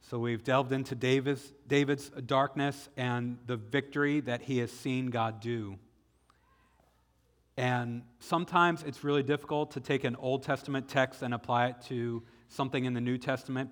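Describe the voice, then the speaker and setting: A man with a Southern US accent preaching a sermon, retelling the story dramatically and slowing down for emphasis. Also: mid-range voice, fairly even intonation. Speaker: pastor. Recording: echoey hall with long reverb.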